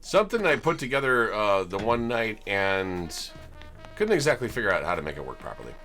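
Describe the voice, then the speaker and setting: A man's voice: lowish voice, big pitch swings, fairly quick, pushed and bright, soft background music. A man streaming a life-sim game, chatting casually and chuckling as he tours homes he built. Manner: chatty, amused, chuckles often. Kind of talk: casual gameplay commentary.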